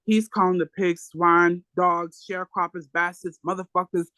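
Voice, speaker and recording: A reader delivers a memoir aloud for a book club in a bright, ringing voice. The delivery is emphatic, with salty asides thrown in. The sound is dry and close. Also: mid-range voice, flat delivery, normal speed, clean tone, no echo, rough recording.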